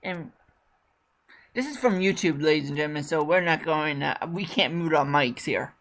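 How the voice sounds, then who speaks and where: A woman's voice: low voice, normal speed. A woman hosting a casual chat show, talking in a rambling, chatty way and often correcting herself. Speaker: podcast host.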